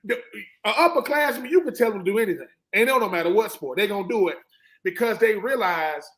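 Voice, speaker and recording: A man's voice: high voice, animated, fast, a bit bright, poor audio. A middle-aged man, a former college football player and panel guest, telling emphatic stories about coaching and acting out what coaches and players said. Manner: emphatic, preachy, acts out quotes of coaches and players. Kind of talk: animated sports talk, storytelling.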